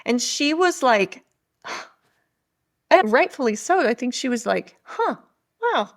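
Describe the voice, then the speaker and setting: Chatty woman podcast host, animated storytelling. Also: fairly high pitch, slow pace. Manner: chatty, animated, self-deprecating. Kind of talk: casual storytelling.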